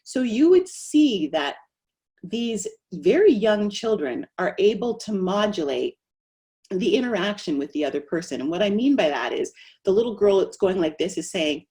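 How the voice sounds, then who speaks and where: A middle-aged woman, a speech-language pathologist, giving an animated webinar presentation. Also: mid-range voice, normal speed. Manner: animated, acts out quoted voices.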